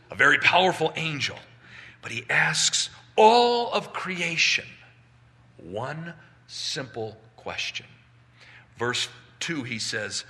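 Brief: male preacher, vivid storyteller, sharp bright tone, echoing recording. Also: on the high side. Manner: dramatic storytelling with swings in volume. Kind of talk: sermon, Bible teaching. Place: outdoors.

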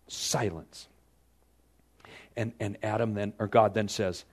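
Animated preaching man, hushed to loud. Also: on the low side, normal speed, long pauses, husky. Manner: animated, rhetorical questions, swings from hushed to loud. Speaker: pastor. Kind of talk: sermon.

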